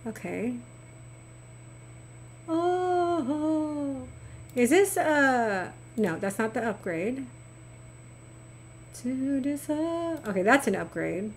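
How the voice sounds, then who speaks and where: A woman's voice: fairly high pitch, takes it slowly, slight background noise. A middle-aged woman streaming a game, chatting casually and affectionately with her viewers. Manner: chatty, animated, talks to chat affectionately. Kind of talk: casual chat while gaming.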